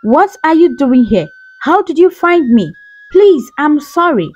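A woman's voice: sits high, big pitch swings, moderate pace, highs cut off. Woman playing a terrified, pleading guilty man. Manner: trembling, pleading. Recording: soft music behind.

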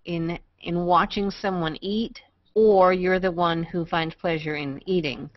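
A woman's voice: lowish voice, fairly even intonation, a little slow, no room sound. A woman co-hosting a comedy web show, chatty and curious, on a video call. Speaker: co-host. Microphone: video call mic. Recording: dry, dull video call audio.

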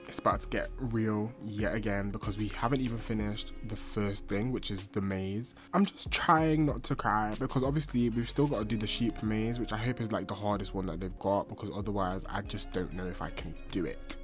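A young man hosting his gaming channel, chatting casually through the game, flustered and making fun of himself. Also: fairly low pitch. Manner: chatty, flustered and self-mocking.

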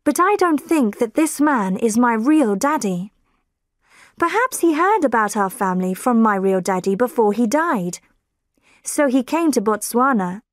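A woman's voice: on the high side, animated, a little slow, no echo, studio quality. A woman narrator voicing a young woman who earnestly pleads for help with a man claiming to be her father. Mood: pleading. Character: young woman worried about a false father.

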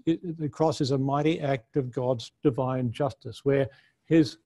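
A man's voice: on the high side, mellow. A man teaching a conference session on the Bible, earnest and unscripted, often restarting his sentences as he thinks aloud. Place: conference room.

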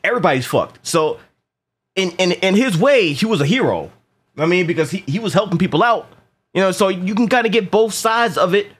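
Animated, husky-voiced man reviewing a movie. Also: high-pitched, moderate pace. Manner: animated, profane, repeats words, acts out quotes. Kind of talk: casual movie review chat.

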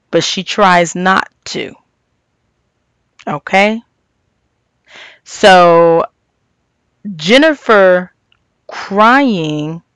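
A woman's voice: fairly low pitch, fairly bright tone, dry recording. A woman recapping and reviewing a reality TV show, chatty and opinionated, talking straight to her viewers. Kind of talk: casual recap and commentary.

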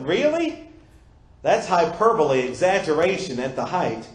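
A man preaching a sermon as pastor, asking his congregation rhetorical questions and breaking into loud exclamations. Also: high voice, big pitch swings, moderate pace. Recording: echoey church room.

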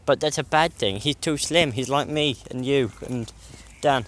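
A man's voice: medium pitch, moderate pace, fairly bright tone, slight background noise. A young man vlogging outdoors by a reservoir, chatting playfully and joking while he films his dog. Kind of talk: casual commentary while filming a dog.

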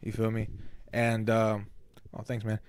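Slow-ish and monotone, a former casino security worker co-hosts a podcast, his fairly low voice carrying a darkish tone over slight background noise. His casual storytelling is packed with profanity and quoted lines.

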